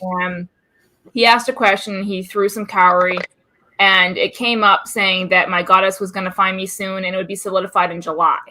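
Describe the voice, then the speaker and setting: Bright, candid woman telling a story. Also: medium pitch, level tone, moderate pace. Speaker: co-host of a witchcraft talk show. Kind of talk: casual chat. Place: home room.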